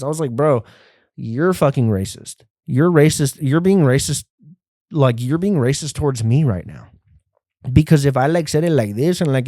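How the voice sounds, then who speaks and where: Profane, rambling podcast host. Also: male voice, medium pitch, dark tone, no room sound, studio quality. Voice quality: sounds like a white guy, by his own account. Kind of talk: casual rant.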